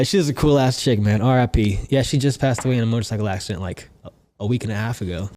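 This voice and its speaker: A man's voice: medium pitch, quick pace, slight background noise. A young man, a comedian telling profane jail stories in casual chat, laughing as he goes. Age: young adult. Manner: animated, laughs through his stories, swears constantly. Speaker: guest comedian.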